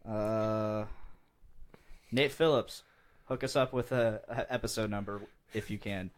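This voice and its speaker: A young man with a fairly low voice hosts a laid-back podcast chat. He laughs a lot, repeats words and restarts his sentences as he talks. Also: steady tone, a little slow. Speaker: podcast host. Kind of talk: casual chat.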